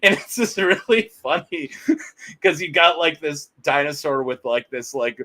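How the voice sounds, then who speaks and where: A man's voice: fairly high pitch, animated, unhurried, pushed and bright, poor audio. A man co-hosting a podcast, chatting casually, rambling with frequent laughter. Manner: rambling, laughs often, quotes characters in playful voices. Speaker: podcast co-host. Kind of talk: casual chat.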